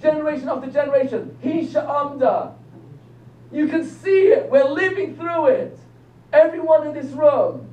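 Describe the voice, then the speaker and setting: An older man, a rabbi giving a lively lecture that quizzes the audience and jokes with them. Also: extremely high pitch. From England. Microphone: phone recording from the audience. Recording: distant, echoey, dull phone recording with faint hum.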